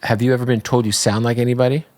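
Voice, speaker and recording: A man's voice: mid-range voice, level tone, rapid-fire, a little mellow. A man from Arizona hosting a podcast, prodding his guest with curious follow-up questions. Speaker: podcast host. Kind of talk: casual interview.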